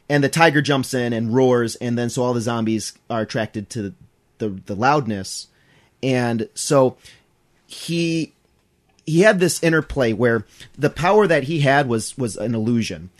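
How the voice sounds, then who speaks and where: A man's voice: medium pitch, a little slow. A man in casual chat, animatedly recounting a story and acting out the characters. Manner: animated retelling, acts out characters.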